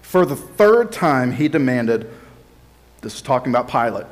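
A man's voice: mid-range voice, very animated, moderate pace. A male pastor giving a conversational, explanatory sermon and teaching from scripture, sometimes voicing the crowd and Pilate in quotes.

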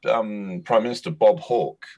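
A man's voice: lowish voice, a little slow, warm tone, lo-fi sound. A Cornish man in his forties, a guest actor and comedian, chatting casually and telling anecdotes. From Cornwall. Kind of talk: casual chat.

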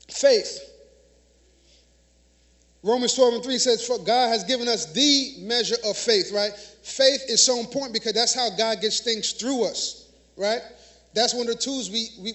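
A man's voice: very high-pitched, bright, forceful tone. A man preaching a sermon in a church, emphatic and conversational, using call-and-response with the congregation. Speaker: minister.

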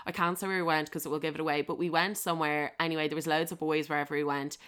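A young woman with an Irish accent telling a story in a brash, profane, animated way on a podcast. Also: low voice, racing, smooth. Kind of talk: casual anecdote storytelling.

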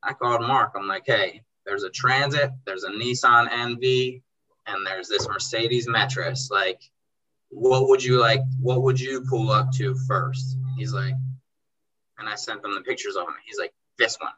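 Bright-voiced young man telling stories. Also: on the low side, measured pace, dull audio. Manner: animated, acts out dialogue in quotes, says bro and dude. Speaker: car detailing business owner. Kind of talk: casual storytelling in a podcast chat.

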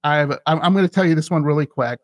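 A man's voice: on the high side, fast talker, dry recording. A man hosting a podcast, telling a story in an eager, rambling way with many restarts. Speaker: podcast host. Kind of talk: casual chat.

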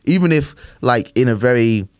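A man's voice: medium pitch, expressive, normal speed, clear, resonant tone, no echo, clean studio sound. A musing man in casual podcast chat. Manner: conversational, musing, frequent "do you know what I mean". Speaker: podcast co-host.

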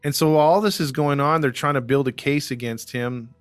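A man's voice: medium pitch, brisk, dry recording, soft background music. A man hosting a podcast, telling a true-crime story casually with many fillers and acted-out quotes. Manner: rambling, lots of fillers, acts out quotes. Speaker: podcast host.

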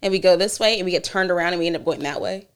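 A woman's voice: fairly low pitch, rapid-fire, clear, resonant tone. A young woman in her twenties, a podcast co-host, bantering playfully in casual chat.

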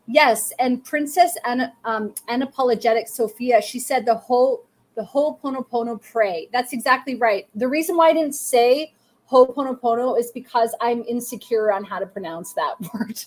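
This psychic reader runs a live stream, talking to her viewers directly in a warm, encouraging manner. Her voice is fairly high in pitch and she keeps a moderate pace.

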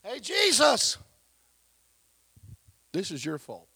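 A shrill, reproachful grieving sister, as a male preacher acts her out in his sermon. The voice jumps high above his own and carries a gravelly, husky edge. It sounds close and dry, with no room around it. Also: wildly swooping pitch, slow pace, sharp tone, no room sound, exaggerated voice. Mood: accusing. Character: grieving sister accusing the Lord.

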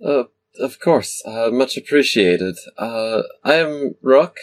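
A man's voice: mid-range voice, expressive, slow pace, no room sound. A man playing a tabletop role-playing game, talking hesitantly with many fillers. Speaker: player.

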